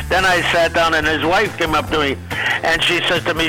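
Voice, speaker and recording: A man's voice: a little high, brisk, sharp tone, faint music behind, rough recording. A man, a comedian, telling a rambling anecdote with many fillers in an archive interview.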